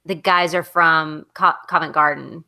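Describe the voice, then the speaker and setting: Middle-aged Southern woman, podcast co-host, rambling casual book talk. Bright, forceful voice sitting a little low for a woman. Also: fairly even intonation, measured pace, creaky. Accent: Southern American. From American South. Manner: chatty, rambling, many fillers and restarts. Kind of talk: casual book discussion chat.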